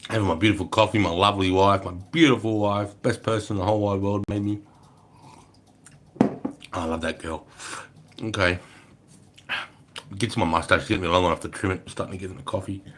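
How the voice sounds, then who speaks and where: A man's voice: low voice, fairly quick, pauses often. A middle-aged Australian man chatting casually on a livestream, swearing freely as he tells stories. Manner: swears freely, relaxed storytelling. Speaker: livestream host.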